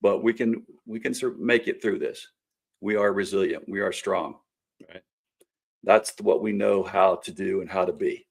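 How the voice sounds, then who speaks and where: A middle-aged man with a Kentucky accent speaks in a lowish voice. He talks plainly and earnestly, like a folksy storyteller hosting his own show. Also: normal speed, vocal fry, breathy edge. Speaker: host and candidate for local office. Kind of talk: casual campaign talk to camera.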